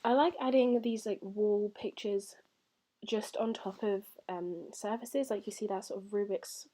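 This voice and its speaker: A woman's voice: medium pitch, steady tone, a little slow, warm tone. A young woman rambling through a casual voice-over, a little out of breath, with many fillers. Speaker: gaming YouTuber.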